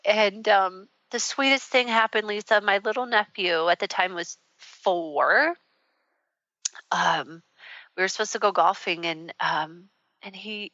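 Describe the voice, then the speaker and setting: A woman's voice: mid-range voice, expressive, unhurried, pushed and bright, dry recording. A woman hosting a radio talk show, telling a personal story in a rambling, candid way with many fillers. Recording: dull, muffled radio audio.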